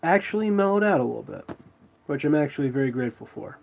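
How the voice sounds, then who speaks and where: A man's voice: a little high, very animated, fast, vocal fry, darkish tone, slight background noise. Stuffy-voiced man chatting on a live stream. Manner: laid-back, chatty, greets viewers. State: stuffy from a cold. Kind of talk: casual live stream chat.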